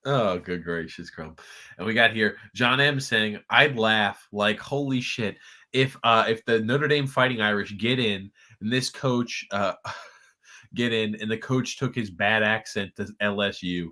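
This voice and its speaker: A man co-hosting a casual college football watchalong podcast, excitable and prone to high-pitched outbursts. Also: unhurried. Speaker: podcast co-host. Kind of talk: casual game watchalong chat.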